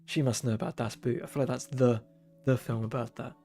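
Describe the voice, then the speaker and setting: Dry, rambling man with a mellow voice. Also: medium pitch, steady tone, brisk, vocal fry, faint music behind. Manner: rambling, dry self-deprecating humor. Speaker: streamer. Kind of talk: casual chat while drawing.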